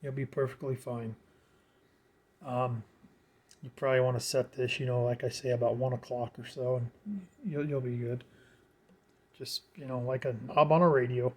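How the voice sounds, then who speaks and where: Long pauses break up this casual home tutorial, where a man explains his radio setup in a steady, medium-pitched voice at normal speed. He rambles, repeats himself and relies on filler words.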